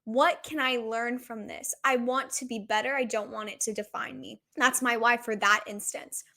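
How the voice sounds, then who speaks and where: A woman's voice: fairly high pitch, fairly even intonation, moderate pace, sharp tone. A woman in her twenties hosting a solo podcast, talking in an earnest, confessional way with lots of "like.". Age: 20s. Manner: earnest, confessional, says "like" often. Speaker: podcast host.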